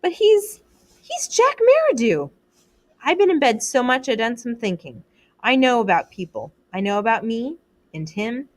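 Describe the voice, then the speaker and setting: A woman's voice: on the high side, sing-song, normal speed, pitched above the performer's own voice. A woman reading aloud, voicing an anxious, earnest schoolboy who talks in a plain, worried, pleading way. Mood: fretful.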